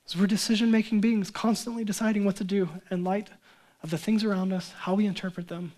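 A man's voice: high voice, level tone, fast, darkish tone. A young adult male pastor giving a sermon, talking in an earnest, conversational way, acting out quoted voices and building up to emphatic passages.

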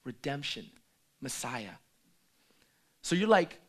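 A man preaching a sermon, swinging from hushed asides to loud, emphatic calls. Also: fairly high pitch, normal speed.

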